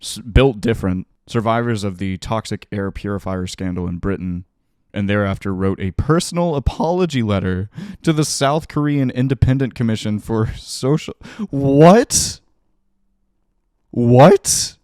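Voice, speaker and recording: Sarcastic low-voiced male streamer. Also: moderate pace, a little mellow, clear, resonant tone, no echo, clean studio sound. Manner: sarcastic, profane, reading articles aloud with asides. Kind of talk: casual reaction commentary.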